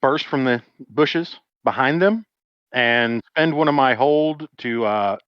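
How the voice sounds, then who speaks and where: A man's voice: mid-range voice, slow pace, no echo. A man playing in a tabletop game, casually describing his character's actions. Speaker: player. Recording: dull dry audio.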